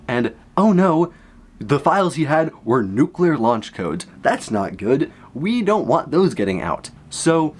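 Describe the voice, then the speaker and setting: A young man casually recapping a movie from memory, rambling and excitable, jumping from low asides to high exclamations. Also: breathy edge. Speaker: content creator.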